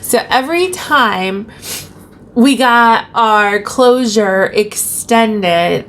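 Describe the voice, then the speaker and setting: A woman with a voice of ordinary pitch tells a story from her teaching life in a relaxed, conversational way, often slipping into the lines she and others said. A faint hiss sits under her voice. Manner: conversational, retelling dialogue in her own voice. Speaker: teacher and vlog host. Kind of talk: casual personal storytelling.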